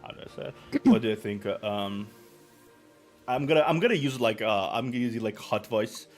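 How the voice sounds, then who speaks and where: A man's voice: lowish voice, brisk, faint music behind. A young man, hosting a casual chat stream, laughing often and trailing off mid-sentence. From Russia. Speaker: streamer host.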